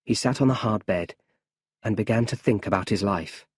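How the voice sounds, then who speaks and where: A man's voice: fairly low pitch, moderate pace, darkish tone, breathy edge, dry recording, studio quality. A man reading a story aloud for English learners, in a careful storybook manner. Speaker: audiobook narrator. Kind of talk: slow scripted narration for English learners.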